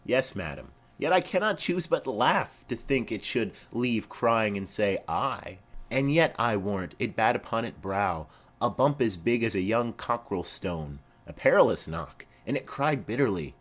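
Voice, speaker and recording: A man playing a rambling old female nurse, bawdy, low voice, lively swoops, unhurried. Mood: garrulous. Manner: rambling, chatty storytelling with asides.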